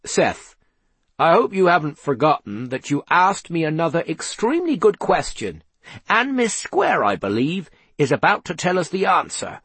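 A man reading aloud, voicing a confident gentleman in an easygoing, assured way. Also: on the high side, very animated, moderate pace, breathy edge, no echo, voice pushed up, heavily acted. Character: confident man, relishing a challenge.

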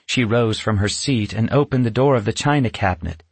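A man narrating a children's storybook in a lively, expressive way. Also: lowish voice, a little fast, creaky, few pauses, husky, no room sound. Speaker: audiobook narrator.

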